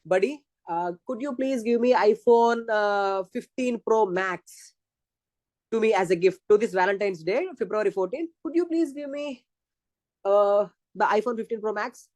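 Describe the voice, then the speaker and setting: A man with an Indian accent quoting a young woman pleading with her boyfriend for a gift, halting with fillers. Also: sits high, darkish tone, no room sound, natural voice. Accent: Indian English.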